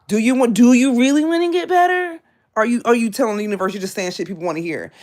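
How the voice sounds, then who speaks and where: A woman's voice: on the high side, fast talker. Blunt scolding woman tarot reader. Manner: repetitive, confrontational. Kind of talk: live tarot reading monologue.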